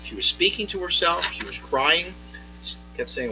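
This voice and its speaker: A man, a municipal judge, speaking from the bench in a courtroom, giving a measured ruling with frequent pauses, fillers and restarts. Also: medium pitch, lively intonation, over loud music, low-quality recording.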